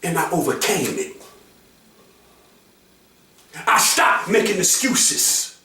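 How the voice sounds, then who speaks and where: A man giving an impassioned motivational monologue, preachy and emphatic, repeating his phrases and often rising to a shout. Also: a little high, sing-song, measured pace, a little hiss or hum. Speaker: motivational speaker. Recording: very echoey room, voice far from the mic.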